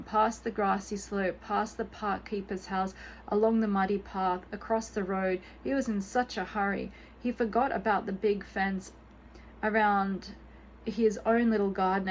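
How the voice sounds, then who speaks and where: A woman reading a children's storybook aloud in a gentle, expressive bedtime-story manner. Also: medium pitch, a little hiss or hum, low-quality recording.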